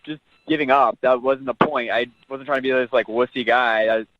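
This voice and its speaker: A man's voice: medium pitch, fairly even intonation, a little fast, dry recording. A man on the phone with a radio show, defending himself and laughing things off. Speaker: caller. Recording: lo-fi phone line.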